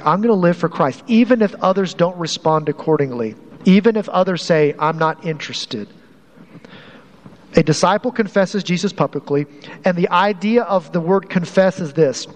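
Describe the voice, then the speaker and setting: A man's voice: high voice, in a large hall. A man preaching a sermon as pastor in a conversational way, often restarting and repeating phrases to drive a point home.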